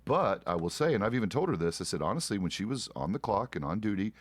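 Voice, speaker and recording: In a fast, very animated, fairly low voice, a middle-aged man chats casually while role-playing a frontier deputy. He rambles and swears, often restarting his sentences.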